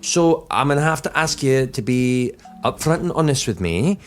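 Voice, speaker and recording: A man's voice: medium pitch, lively intonation, normal speed, faint music behind, voice pushed up, natural voice. A man voicing a flustered, gullible male castle guard who stammers and is easily swayed, in a tabletop game. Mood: suspicious.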